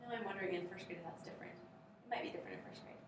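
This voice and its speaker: Speaking very fast in a mid-range voice, a woman leads a teacher-training workshop, upbeat and drilling rhythmic grammar chants. There's background noise, a very echoey room, and a distant mic.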